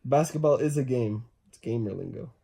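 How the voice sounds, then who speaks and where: A man's voice: mid-range voice, lively intonation, moderate pace, creaky, dark tone, husky. A young man, her son, joking and defending himself in casual banter.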